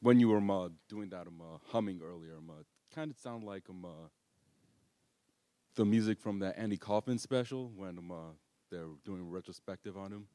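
A man's voice: low voice, brisk, mellow, dry recording. A man from the audience speaking nervously, full of ums and uhs. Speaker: audience member.

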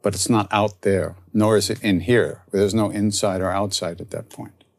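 A man, a spiritual teacher, telling a story and then reflecting softly on spiritual practice. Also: on the low side, steady tone, normal speed, dry recording. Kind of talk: storytelling talk.

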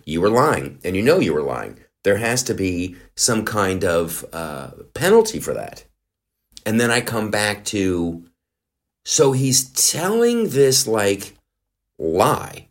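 Deep voiced guy ranting on his podcast, swears a lot, sarcastic. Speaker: podcast host. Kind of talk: comedic podcast monologue.

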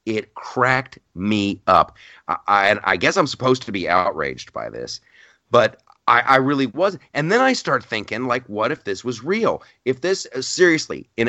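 A man's voice: mid-range voice, no room sound, muffled recording. A man hosting a podcast, chatting casually and telling stories animatedly, often restarting his sentences. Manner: animated storyteller with frequent restarts. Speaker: podcast host.

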